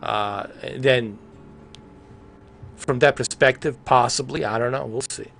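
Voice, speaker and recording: A man live-streaming a video game, rambling in excitable, casual commentary and swearing freely. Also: medium pitch, unhurried, creaky, slight background noise.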